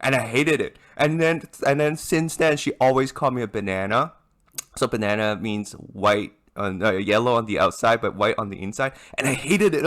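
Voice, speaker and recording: Young male podcast host from Hong Kong, animated chatty storyteller, mid-pitched voice. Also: normal speed. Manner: animated storyteller, many restarts. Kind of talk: casual podcast chat.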